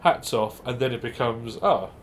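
Chatty self-deprecating man, mid pitch. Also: a little hiss or hum. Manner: chatty, self-deprecating, fast bursts with restarts. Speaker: improv performer guest. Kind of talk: casual interview chat.

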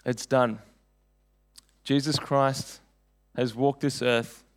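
A man's voice: mid-range voice, steady tone, takes it slowly. A young man preaching a sermon, telling personal stories in an earnest, conversational way.

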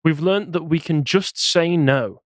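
A man's voice: fairly high pitch, unhurried, no room sound, clean studio sound. A man co-hosting a podcast, chiming in with wry jokes and corrections. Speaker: podcast co-host. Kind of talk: casual podcast banter.

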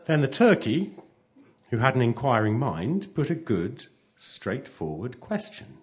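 Expressive male storyteller. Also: mid-range voice, measured pace. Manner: expressive, swings from hushed to loud. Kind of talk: reading a story aloud.

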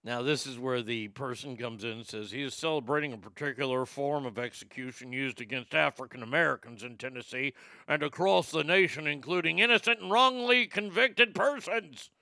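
A man's voice: mid-range voice, brisk, pushed and bright, dry recording. A man hosting a talk show, giving casual news commentary that rambles and stammers, with crude joking asides.

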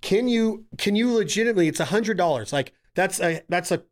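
Brash, joking man, higher voice. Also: expressive, fairly quick. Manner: brash, joking, swears freely. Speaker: podcast host. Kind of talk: casual banter.

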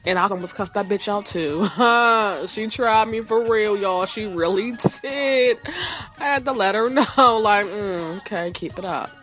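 A woman telling a story in a casual, profane, animated rant, with sassy asides. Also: medium pitch, unhurried, faint music behind.

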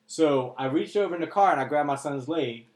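A man's voice: a little high, animated, brisk, a little mellow. Earnest man talking candidly, roomy echo. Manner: earnest, emotional, blunt with swearing. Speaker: podcast co-host. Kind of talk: candid podcast conversation.

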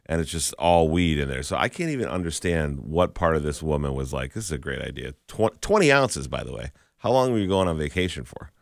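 Radio cohost guy, deep smooth voice, jokey storyteller, dry mic. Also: big pitch swings, a little fast, hardly any pauses, dry recording. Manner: wry, joking storyteller. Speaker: radio co-host. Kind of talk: casual banter and anecdotes.

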